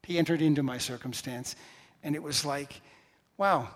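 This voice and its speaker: A male pastor preaching a sermon, telling a personal story with animated swings between loud and hushed delivery. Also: fairly high pitch, normal speed. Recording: reverberant church hall.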